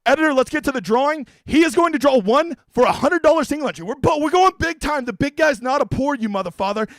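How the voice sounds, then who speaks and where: A man's voice: extremely high pitch, lively intonation, quick pace, no echo, rough recording. A man streaming about fantasy golf, brash and profane, out of breath. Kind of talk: hyped comedic stream talk.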